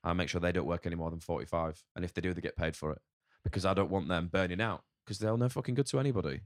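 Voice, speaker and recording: Deep-voiced northern English man, swearing freely. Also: racing, no echo, clean studio sound. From north of England. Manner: swears a lot, frank and rambling. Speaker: chef guest. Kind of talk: casual podcast interview.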